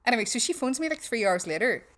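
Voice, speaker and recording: A woman with a Northern Irish accent, telling swearing, lively stories in a casual podcast chat. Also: a little high, fast. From West Belfast, Northern Ireland. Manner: swearing storyteller, acts out quotes. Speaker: guest.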